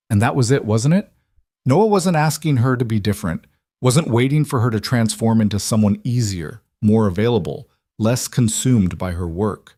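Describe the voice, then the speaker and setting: A man narrating a romance story in a measured, even storytelling manner. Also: fairly low pitch, no echo, studio quality. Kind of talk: scripted narration.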